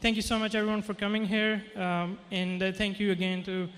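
A man's voice: high voice, level tone, brisk, fairly bright tone. A man welcoming and recognizing guests at an event, speaking hesitantly with many fillers. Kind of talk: informal welcome remarks. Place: banquet hall at an event. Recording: long reverb in a large hall.

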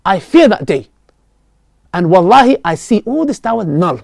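A man, a Muslim preacher talking earnestly and passionately to his viewers, swinging between loud outbursts and quiet pleading. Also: high-pitched, very animated, moderate pace, creaky, no room sound, clean studio sound. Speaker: Muslim preacher and video creator. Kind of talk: heartfelt direct-to-camera talk.

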